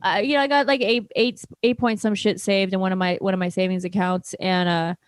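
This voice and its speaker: A woman of middle pitch co-hosts a casual podcast, rambling through profane stories and breaking into mimicked quotes. The sound is dry and close, with little room behind her. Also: fairly even intonation, brisk, clean tone, dry recording. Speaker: podcast co-host. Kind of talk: casual chat.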